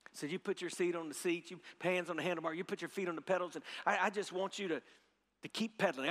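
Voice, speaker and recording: A middle-aged man preaching a sermon, telling a story with big swings from hushed to loud and leading the crowd in repeated phrases. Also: sits high, fast. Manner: repeats phrases, leads audience call-and-response. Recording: long hall reverb.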